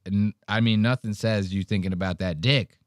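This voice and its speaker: Profane joking podcast host. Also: male voice, on the low side, steady tone, moderate pace, dry recording, clean studio sound. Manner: rambling, profane, jokey riffing. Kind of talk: crude comedic commentary on clips.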